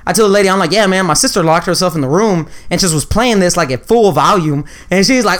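A man's voice: sits high, quick pace, few pauses. A man in a casual chat who tells stories by acting out everyone in them. His voice swings up and down as he does the quotes, and he breaks into laughter often. He talks loose and profane. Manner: animated, acts out quotes, laughs often, swears.

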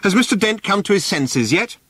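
Brief: flustered, fussy council official, male, middle-aged, hesitant and uh-filled, pitched well up and bouncing about, voiced by a male reader. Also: sing-song, brisk, a bit bright, slightly rough, dry recording, heavily acted. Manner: hesitant, stammering with many uhs.

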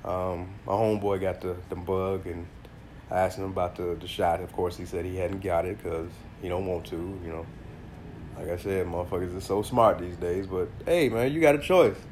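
A man hosting a casual solo podcast, telling stories in a loose, profane, animated way with a congested voice. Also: low-pitched, moderate pace, a little hiss or hum. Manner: animated storytelling, slangy and profane, bursts of laughter. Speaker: podcast host.

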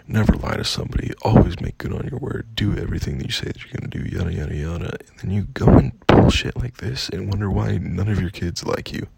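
A young man venting in a casual storytime rant, profane and exasperated, with a gravelly, husky voice. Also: sits low, fast talker, hardly any pauses, heavy background noise. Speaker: vlogger.

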